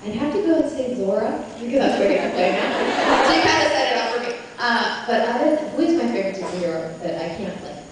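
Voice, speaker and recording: A woman's voice: on the high side, lively intonation, quick pace, few pauses, a crowd in the background. A young woman from Israel talks casually at a fan panel, laughing and restarting her sentences. Her voice comes through a PA in a big echoing convention hall, heard from far off with a long reverb tail and faint background noise. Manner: chatty, laughing, hesitant restarts. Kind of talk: casual Q&A answers. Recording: echoey hall taped from far off.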